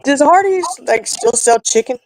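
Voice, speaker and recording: A woman, telling stories in a relaxed chat among friends. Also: moderate pace, no echo, rough recording. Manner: chatty storyteller, animated with big swings in pitch. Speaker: co-host. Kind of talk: casual chat.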